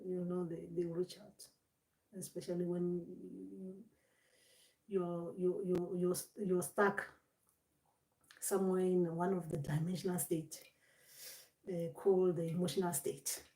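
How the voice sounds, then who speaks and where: A lowish, mellow female voice sits away from the mic in a room with echo. The speaker, a spiritual teacher, gives a loose, rambling talk, often restarting and repeating words and voicing characters as she goes.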